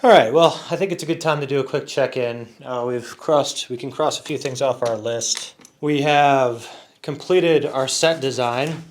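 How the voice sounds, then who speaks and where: A man, a content creator, talking to himself at home as he works through a behind-the-scenes vlog, with quick rambling asides. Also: medium pitch, slight background noise. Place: at home, indoors.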